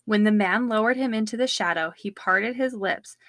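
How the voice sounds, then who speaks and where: A woman co-host reads aloud from a true-crime book in a steady, measured storytelling voice. Her tone is bright and forward. The sound is close and dry. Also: mid-range voice, no room sound. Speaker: podcast co-host.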